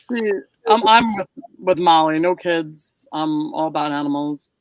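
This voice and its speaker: Chatty man with a higher voice. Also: a little slow, clear, resonant tone, highs cut off. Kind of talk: casual chat.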